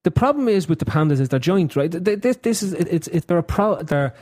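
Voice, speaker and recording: A man's voice: fairly high pitch, expressive, brisk, a little mellow. A man hosting a casual podcast chat, rambling and repeating himself as he talks. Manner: rambling, repeats words, laughs often. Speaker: podcast host.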